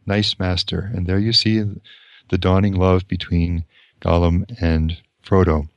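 A deep-voiced man lecturing on a novel. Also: fairly even intonation, no room sound, muffled recording. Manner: measured, reflective, with restarts. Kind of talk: reading and commenting on a novel.

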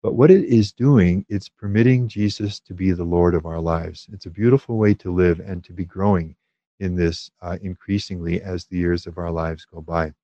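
A man giving a calm, measured spiritual teaching on prayer, with small fillers and restarts. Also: low-pitched, dry recording, lo-fi sound.

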